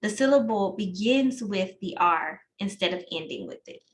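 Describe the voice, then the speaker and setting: A woman's voice: mid-range voice, lively intonation, normal speed, poor audio. A woman leading an online test-prep class over a video call, calling on students by name and walking through answers. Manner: encouraging, calls on students by name. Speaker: instructor.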